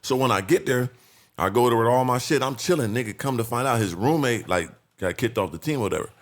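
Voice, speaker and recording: A man telling a long street story on a casual podcast, animated and profane. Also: medium pitch, fast talker. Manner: profane, animated, acts out voices in his stories. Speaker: podcast guest.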